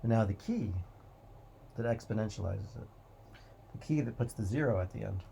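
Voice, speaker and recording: Gravelly calm man musing slowly. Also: on the low side, slight background noise. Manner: calm, repetitive, drawn-out phrasing. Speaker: host. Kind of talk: slow reflective motivational monologue.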